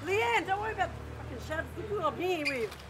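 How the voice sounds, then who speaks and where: A woman fan on a suburban street, talking in an excitable, rambling way and swearing. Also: extremely high pitch, a little fast, over a noisy crowd. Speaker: passer-by fan. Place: busy suburban street outdoors.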